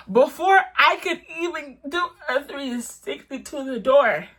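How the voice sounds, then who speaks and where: A woman telling a casual storytime, animated, with many 'like's and quick jumps up in pitch. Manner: animated, swings high when quoting herself, lots of 'like'.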